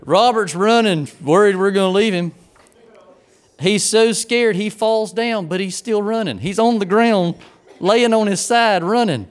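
A preacher spins a folksy tale from the pulpit in a slightly high, smooth and clear voice. The man tells it like a storyteller and builds toward the lesson. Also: a little slow. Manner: folksy storyteller, grows excited and laughing in the funny parts. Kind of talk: sermon with a personal story.

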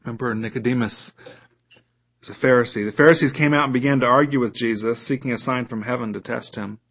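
A man's voice: medium pitch, steady tone, fast talker, a bit bright. A man preaching a sermon as a pastor, reading scripture aloud and putting questions to his listeners.

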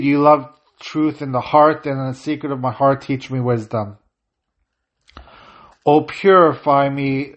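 A man leading a prayer service, chanting and intoning the prayers, with short plain-spoken asides between them. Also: medium pitch. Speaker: prayer leader. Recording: slightly dull lo-fi audio.

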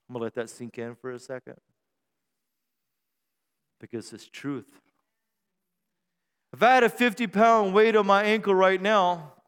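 A middle-aged male pastor preaching a sermon on a church stage mic, joking and self-deprecating, then building to shouted praise. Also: fairly high pitch, clean tone. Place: church sanctuary. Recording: long hall reverb in a church.

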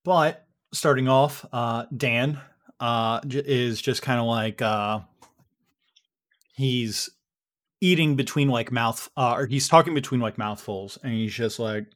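A man runs a tabletop role-playing game, describing scenes in a rambling, halting way. He restarts sentences and leans heavily on fillers, and his voice sits at a middle pitch for a man. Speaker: game master.

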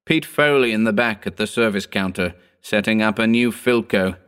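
A man narrating a horror story as an audiobook, measured and slowing for grim details. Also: lowish voice, a bit bright, smooth.

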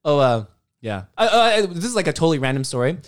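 Animated young man telling funny stories. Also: on the high side, fast, smooth. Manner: animated storyteller, acts out quoted voices, laughs often. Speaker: podcast co-host telling stories. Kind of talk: casual chat.

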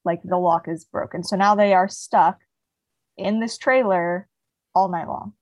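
A woman's voice: lowish voice, steady tone, measured pace, a little mellow, no room sound, dull audio. A young woman co-hosting a podcast, casually retelling a book's plot with lots of "like" fillers. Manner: rambling retelling, heavy "like" fillers. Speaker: podcast co-host. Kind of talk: casual book chat.

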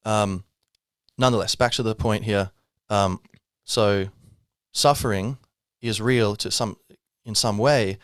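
Musing slowly in a rambling, casual way, a male podcast host offers wry asides through a reflective spiritual monologue. His voice is on the low side, and the recording is dry, clean studio sound.

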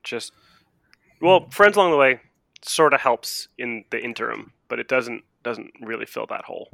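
Gravelly, bright-voiced man with dry wit. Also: medium pitch, animated, normal speed, no room sound. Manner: wry, sarcastic interjections. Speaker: podcast co-host. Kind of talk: casual chat.

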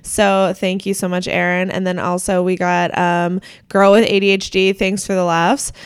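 A woman's voice: on the low side, completely flat delivery, moderate pace, clear, resonant tone, no room sound. A woman co-hosting a podcast in casual chat, gushing as she thanks listeners and reads their reviews. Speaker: podcast co-host.

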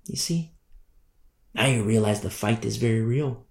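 A man's voice: on the low side, normal speed, vocal fry. A male pastor preaching a fervent sermon, driving points home with repetition. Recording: roomy echo.

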